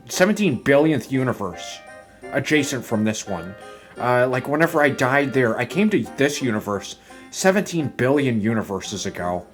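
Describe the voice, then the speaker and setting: A young man streaming a game, chatting casually, rambling and swearing, with sudden loud outbursts between mumbles. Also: mid-range voice.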